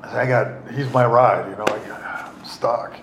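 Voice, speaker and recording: A man's voice: mid-range voice, fairly even intonation, takes it slowly. A middle-aged man telling his recovery story in a rambling, wry way, full of fillers and restarts. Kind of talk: casual spoken storytelling. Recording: roomy echo, faint noise.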